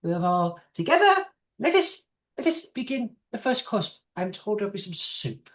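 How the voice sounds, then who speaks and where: A fussy old gnome matriarch, ancient and a little senile, rattles on about family dinners in a thin, wavering squeak, as a man puts her on. Her voice sits far above his usual register and swoops about. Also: very animated, normal speed, a bit bright. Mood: chatty. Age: older. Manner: quavering, forgetful, chattering in a high put-on voice.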